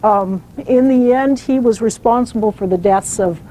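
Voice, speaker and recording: A woman author giving a public talk, telling stories in an animated way with some fillers. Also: on the high side, moderate pace, slight background noise, low-quality recording. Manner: storytelling, animated, uses fillers.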